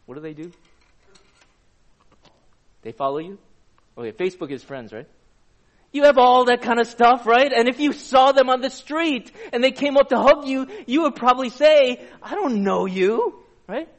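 Male pastor with a high voice, chatty sermon delivery, puts questions to the congregation. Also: moderate pace, pauses often. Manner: conversational, asks the audience questions.

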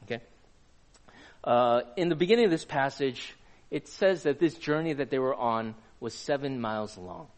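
A man's voice: medium pitch, animated, normal speed. A man preaching a sermon to a live audience, talking in a conversational way and putting questions to the crowd. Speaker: pastor.

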